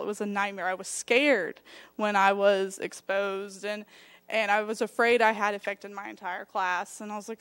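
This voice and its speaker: Young Southern woman giving a lively testimony. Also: a little high, dry recording. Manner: animated storytelling, acting out quotes, frequent laughs. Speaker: church member giving a testimony. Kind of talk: personal testimony at a church service.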